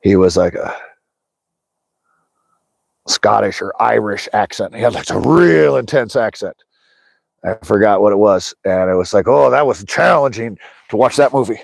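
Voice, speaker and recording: Out by a lake in the snow, this middle-aged man from the USA chats loosely with livestream viewers about fishing, rambling and laughing a lot. His voice sits fairly low and sounds creaky, with lively intonation, normal speed, long pauses, and no echo.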